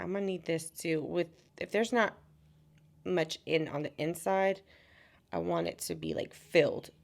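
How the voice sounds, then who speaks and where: Brief: young woman vlogger, casual storytime chat, lively quoting, vocal fry. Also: fairly low pitch. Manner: chatty, animated quoting of others. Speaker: beauty vlogger.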